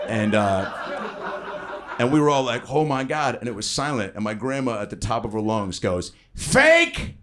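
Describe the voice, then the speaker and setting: A man's voice: medium pitch, normal speed, heavy background noise. A man in his thirties doing improvised stand-up in a comedy club, telling loose, profane stories and working the crowd. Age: 30s. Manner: loose, profane storytelling with lively voiced quotes. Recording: live club with crowd laughter. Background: audience laughing.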